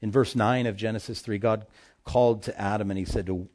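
A male pastor preaching a sermon, addressing the congregation directly with emphatic swings between loud and soft. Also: on the low side, steady tone, brisk.

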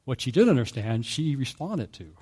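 A man preaching a sermon in a relaxed, conversational way, telling a story with fillers and small chuckles. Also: medium pitch, normal speed. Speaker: pastor.

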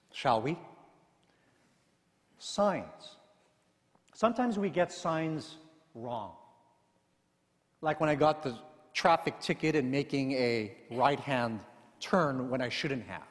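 A male pastor reading scripture and telling a story in a sermon, with measured, deliberate delivery. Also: a little high, long reverb tail.

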